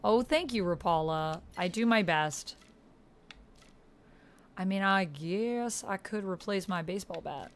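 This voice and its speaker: A woman's voice: mid-range voice, animated, measured pace, pauses often. Chatty Canadian woman streaming a game. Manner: chatty, reads chat aloud, frequent fillers. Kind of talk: live-stream gameplay chat.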